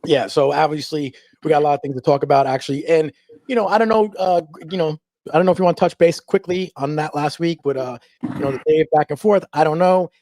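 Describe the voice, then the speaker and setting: Mellow man reading viewer comments. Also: fairly high pitch, steady tone, quick pace, no room sound. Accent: New Jersey. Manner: reads out viewer comments, hesitant with fillers. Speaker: host. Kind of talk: casual live-stream chat.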